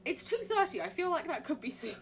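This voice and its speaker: A woman's voice: high voice, big pitch swings, a little fast, a little hiss or hum. A young woman with an English accent, streaming a game live, reading notes aloud and chatting in a rambling way, swearing casually and laughing often.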